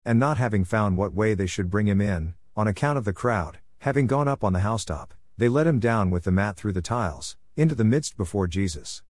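Low-voiced man reading scripture, dry sound. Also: no echo. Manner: steady, measured reading in short phrases. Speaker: scripture reader.

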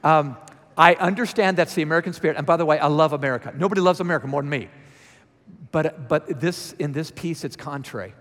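A man's voice: fairly high pitch, quick pace. Man with a Georgia accent preaching. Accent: Southern US (Georgia). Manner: lively, asks the congregation questions. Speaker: guest preacher. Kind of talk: conversational sermon. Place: church sanctuary. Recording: reverberant church sanctuary.

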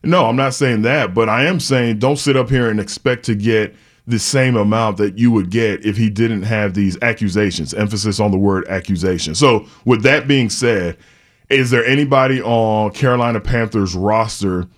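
A man co-hosting a sports talk show who argues his point firmly, with quick asides. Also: fairly low pitch. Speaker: sports talk radio co-host.

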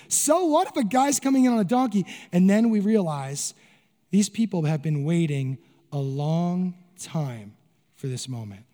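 Pastor, male, very high voice, animated sermon delivery with rhetorical questions; long church-hall reverb. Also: normal speed. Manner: animated preaching, acts out crowd voices and asks rhetorical questions.

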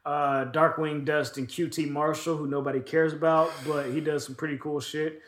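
A man's voice: on the high side, flat delivery, moderate pace, roomy sound. A man co-hosting a podcast, recapping wrestling in a loose, profane, rambling way with lots of fillers. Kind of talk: casual chat.

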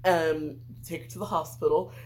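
A woman's voice: deep voice, fairly even intonation, normal speed, a little mellow, a little hiss or hum. A woman telling a true crime story in casual podcast chat, with lots of "like" and "um". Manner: chatty, sprinkles "like" and "um".

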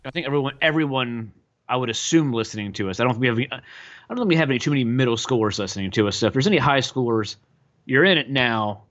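Man, podcast co-host, relaxed and joking, middle pitch, muffled lo-fi sound. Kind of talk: casual chat. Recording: dull lo-fi audio.

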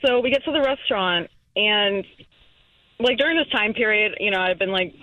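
A woman's voice: medium pitch, moderate pace, no room sound, narrow, tinny audio. A woman calling into a radio show, rambling through a story with lots of fillers. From New England. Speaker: caller. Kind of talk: telling a story on a call-in show.

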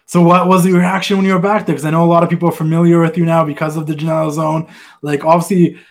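A man's voice: fairly high pitch, flat delivery, fast talker, gravelly. A man hosting a casual interview, asking curious questions and often answering with brief affirmations.

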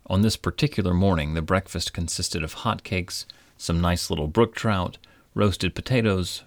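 Deep-voiced male storyteller. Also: dry recording. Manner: measured, old-fashioned, gently wry. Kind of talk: storybook narration.

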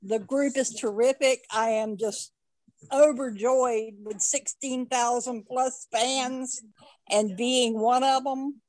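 A woman's voice: a little high, fairly even intonation, darkish tone, dry recording, poor audio. A woman calling in to a podcast, earnest and heartfelt, near tears as she speaks. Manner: earnest, heartfelt, lists words slowly. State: tearful, near crying. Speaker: fan calling in. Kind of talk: casual podcast chat.

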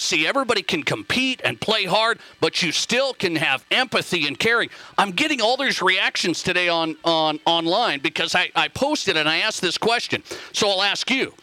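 A man's voice: high voice, animated, normal speed, few pauses, pushed and bright. A man hosting a sports radio show, talking in a rambling monologue that repeats phrases and puts questions to the listeners. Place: radio studio.

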